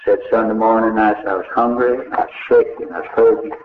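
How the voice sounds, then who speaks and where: An older preacher tells a story slowly and dramatically, voicing its people in turn. His voice sits a little low. The old recording is echoey and thin, as though heard over a phone line. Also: steady tone, noisy background. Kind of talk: sermon storytelling.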